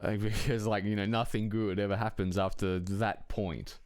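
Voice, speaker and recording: A man's voice: on the low side, little pitch movement, normal speed, a little mellow, smooth, no echo, clean studio sound. A man telling a personal anecdote in a casual, rambling way, swearing often and chuckling between phrases. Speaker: storyteller.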